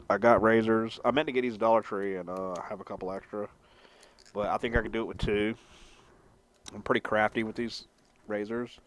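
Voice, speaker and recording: Rambling young man with loose slang. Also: lowish voice. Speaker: vlogger. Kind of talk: casual vlog chat.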